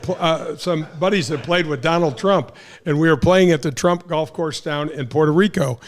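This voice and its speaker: Lively older man telling golf stories. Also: on the high side. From St. Louis, Missouri. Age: 60s. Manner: animated anecdotes, acts out quoted voices, frequent restarts. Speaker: host, former pro golfer. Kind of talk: casual storytelling chat.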